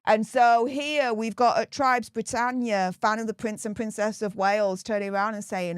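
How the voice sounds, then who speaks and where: A woman's voice: a little high, moderate pace, hardly any pauses, clear, resonant tone, no room sound, studio quality. A British woman giving casual, sarcastic commentary as a vlogger. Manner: sarcastic, animated.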